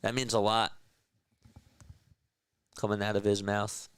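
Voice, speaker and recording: Casting note: male play-by-play streamer, easygoing and chatty with viewers, smooth voice recorded dry. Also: on the low side, little pitch movement, a little slow, no room sound. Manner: casual, chats with viewers between plays. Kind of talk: live play-by-play commentary.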